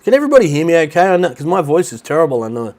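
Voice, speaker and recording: A man's voice: on the high side, sing-song, very fast, darkish tone. A middle-aged Australian man hosting a casual livestream, chatty and rambling, with a blocked nose that makes him sound nasal. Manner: rambling, chatty, greets viewers by name. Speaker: livestream host. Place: rented apartment near the beach in Thailand.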